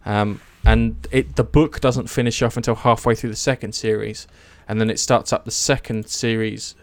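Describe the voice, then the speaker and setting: A man's voice: lowish voice, steady tone, moderate pace, no room sound. A man chatting casually and eagerly about a series, rambling with many fillers and restarts. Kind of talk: casual chat.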